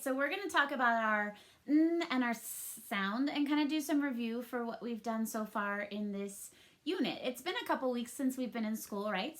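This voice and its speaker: A woman's voice: fairly high pitch, fairly bright tone. Upbeat woman teaching young kids. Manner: upbeat, patient, talks straight to the kids. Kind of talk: recorded remote phonics lesson for young children.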